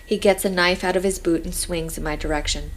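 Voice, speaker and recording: A woman reading a first-person audiobook with measured, dramatic storytelling. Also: lowish voice, fairly even intonation, slight background noise. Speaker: audiobook narrator.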